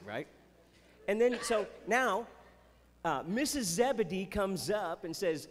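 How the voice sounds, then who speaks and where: A man's voice: high voice, very animated, unhurried, long pauses, in a large hall. A man doing chatty Christian stand-up comedy on stage, with playful jokes and asides. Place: festival stage before a live audience.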